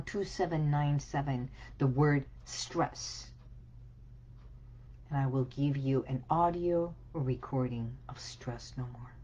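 A woman wellness coach giving a slow, soothing motivational talk, sometimes dropping into soft whispered affirmations. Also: rumbling low, husky, highs cut off.

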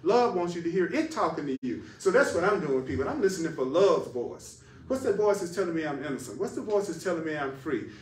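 A man's voice: fairly high pitch, animated, a little fast, hardly any pauses, slight background noise. A man teaching a spiritual class emphatically, repeating phrases for stress. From United States. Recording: echoey room, voice far from mic.

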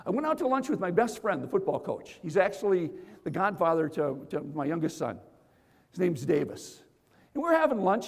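Middle-aged male motivational speaker with a high voice, stage mic in a big echoing hall. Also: breathy edge. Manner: energetic storytelling, shouts to the crowd. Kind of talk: live motivational keynote. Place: large conference hall. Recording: long reverb of a big hall.

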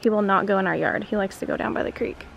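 A woman's voice: mid-range voice, fast, creaky, muffled recording, a little hiss or hum. A woman vlogging at home with a handheld camera, chatting in an upbeat way and talking fondly to her dogs. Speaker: lifestyle vlogger. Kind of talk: casual home vlog chat. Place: at home and around the backyard.

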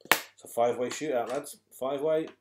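A man hosts a raffle draw, calling numbers and names with a chatty, teasing, unhurried manner. His voice sits at an ordinary middle pitch. Loud clicking of raffle balls is heard clearly behind him. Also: fairly even intonation, background noise. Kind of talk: live raffle draw commentary.

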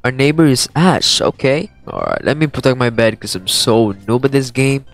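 Excitable man doing gameplay commentary. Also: mid-range voice, moderate pace, vocal fry. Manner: excitable, repeats playful taunts. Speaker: gaming channel host.

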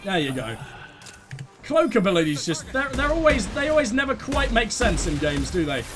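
A man commentating his own gameplay, excitable, swearing freely and giving orders to his teammates. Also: high voice, moderate pace, over music. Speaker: let's play host.

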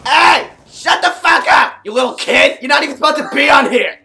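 Brief: young man doing an obnoxious nerd gamer, high gravelly yell. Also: animated, fairly quick, slight background noise, full character voice. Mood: taunting. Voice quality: high strained gravelly voice, yelling. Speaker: prank caller in online game. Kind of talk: trolling in-game voice chat.

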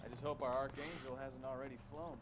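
A man's voice: mid-range voice, fairly even intonation, quick pace, crowd noise, natural voice. A man voicing a blunt, wry detective partner in a video game. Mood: gruff. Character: gruff male detective partner.

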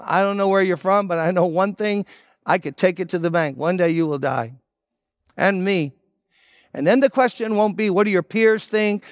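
Earnest older pastor, higher voice. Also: male voice, dry recording, studio quality. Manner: earnest, pleading, direct to listeners. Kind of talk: sermon with altar-call prayer.

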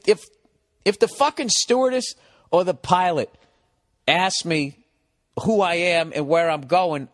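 A comedian in his forties from America, telling a story in an animated, exasperated way, swearing constantly. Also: fairly high pitch, no echo, clean studio sound. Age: 40s. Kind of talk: profane comic storytelling.

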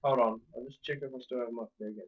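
A man giving casual let's-play commentary, swearing often and swinging between low muttering and loud outbursts. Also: steady tone, fast talker, dull audio. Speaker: gameplay commentator.

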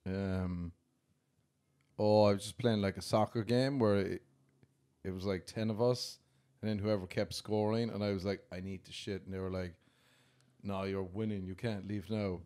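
A man's voice: on the low side, fairly even intonation, normal speed, pauses often, dark tone. A man from Ireland with an Irish accent, a guest telling anecdotes in casual chat and laughing often. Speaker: guest comedian.

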